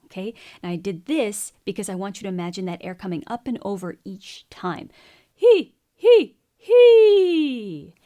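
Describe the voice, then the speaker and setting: A woman vocal coach teaching a singing lesson, explaining vocal technique in a clear, instructive way. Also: mid-range voice, brisk, hardly any pauses, a little mellow. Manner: explains clearly, then demonstrates sung syllables and counts beats.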